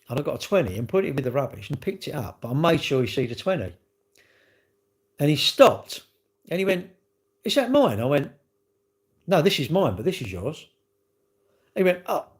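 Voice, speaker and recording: A middle-aged man, chatting casually with viewers as a livestream host, rambling cheekily and acting out little exchanges in different voices. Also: on the high side. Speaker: livestream host reading chat.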